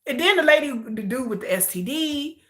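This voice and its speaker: A woman's voice: high-pitched, animated, brisk. An American woman hosting a casual livestream, ranting with disbelief and mocking the people she reacts to. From United States. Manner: outspoken, incredulous ranting with mocking mimicry. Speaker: live-stream host reacting to a reality show.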